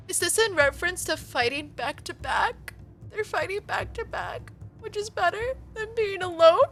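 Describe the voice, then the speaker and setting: Young woman streamer, high bright voice, excitable and sweary, reads a visual novel aloud. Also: moderate pace, faint music behind. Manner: excitable, swearing, gasping and laughing.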